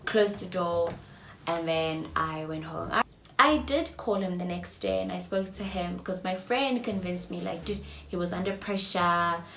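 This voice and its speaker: A young South African woman in her twenties telling a storytime vlog, swinging between loud outbursts and hushed whispers. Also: lowish voice, measured pace, creaky, a little hiss or hum. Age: 20s. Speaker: vlogger. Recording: roomy echo, mic at a distance, faint ambience.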